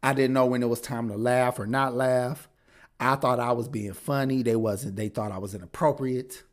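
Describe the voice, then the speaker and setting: A man's voice: mid-range voice, fairly even intonation, moderate pace. A man co-hosting a podcast, telling stories in casual, profane chat and slipping into mocking voices. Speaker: podcast co-host.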